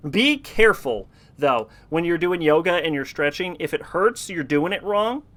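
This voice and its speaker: A man's voice: a little high, expressive, normal speed, fairly bright tone. A man streaming a game, chatting casually and reading in-game emails aloud with offhand, profane humor. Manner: offhand, swearing, reads emails in a half-abandoned Russian accent.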